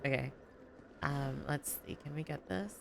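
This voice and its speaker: A young woman chatting casually while streaming a game, rambling with lots of fillers and sometimes lifting her voice higher on purpose. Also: measured pace, vocal fry, a bit bright, slight background noise. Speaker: gaming streamer. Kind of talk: casual gameplay commentary.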